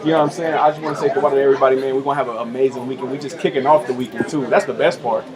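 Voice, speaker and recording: Slangy man hosting a loud radio room. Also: medium pitch, steady tone, very fast, crowd noise. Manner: loose slangy talk, frequent "you know what I'm saying". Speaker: radio show host. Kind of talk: casual radio chat. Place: large indoor room.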